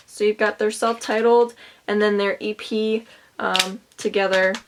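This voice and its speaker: A young woman chatting casually in a show-and-tell vlog, listing things with bursts of excitement. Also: medium pitch, a little slow, background noise. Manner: chatty, enthusiastic, lists items with bursts of excitement. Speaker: vlogger.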